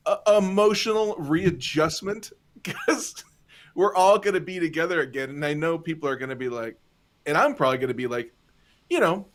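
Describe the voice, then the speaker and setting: A man in casual group video chat, telling stories playfully with lots of animation, speaking over a video call. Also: a little high. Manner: playful, animated storytelling with laughs. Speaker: improv teacher and guest.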